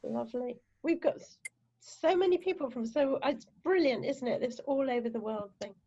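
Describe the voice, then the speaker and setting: A woman's voice: sits high, moderate pace, warm tone, slightly rough. A woman hosting a casual video call chat, checking in on people. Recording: dull lo-fi video call audio.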